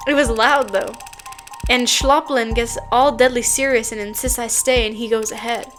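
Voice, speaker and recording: Hesitant drawling young cop voiced by a woman, slow testimony, high-set voice. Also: steady tone, a bit bright, soft background music, natural voice. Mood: testifying. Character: young male police officer with a southern drawl, plain and dull.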